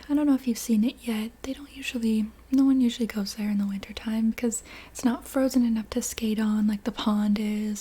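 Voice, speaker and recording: A friendly pet lake fish chats in a soft, breathy whisper, as a woman puts it on for a whispered role-play. The voice sits a little high but sounds mellow and relaxed. The talk is casual and easygoing, full of small fillers.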